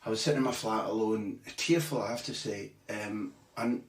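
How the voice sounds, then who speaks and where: A man who is a football journalist guest, telling a long anecdote in a lively way with casual swearing. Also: lowish voice, normal speed. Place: tiny bathroom. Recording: echoey small bathroom.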